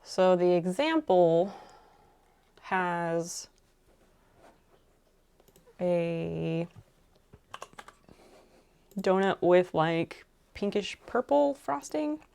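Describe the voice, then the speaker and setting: A young woman chats casually on a craft stream, thinking aloud in a soft, rambling way. Her voice sits on the low side with a gravelly, fry-laced edge. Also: expressive, drawn-out words, pauses often. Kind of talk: casual chat while crafting.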